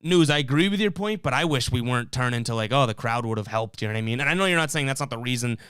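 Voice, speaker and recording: A man's voice: medium pitch, expressive, very fast, a bit bright, smooth, no echo, clean studio sound. A man hosting a live sports fan stream, reading chat comments and ranting in a fired-up, rambling way with lots of restarts.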